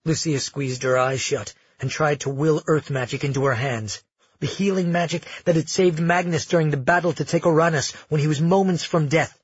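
Husky male audiobook narrator. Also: fairly high pitch, dry recording, dull audio. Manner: measured, dramatic storytelling.

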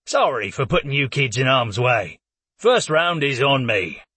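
A man voicing a gruff, stubborn old male warrior who grumbles and swears in a husky voice. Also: mid-range voice, sing-song, a little slow, sharp tone, no room sound, full character voice.

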